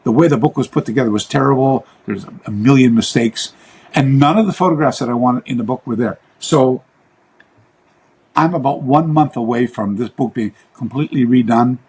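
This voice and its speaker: A man's voice: medium pitch, normal speed, a little mellow, husky. A man, a karate teacher and researcher, telling long rambling stories in an interview, often restarting his sentences and acting out the voices of others. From Western. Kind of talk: interview storytelling.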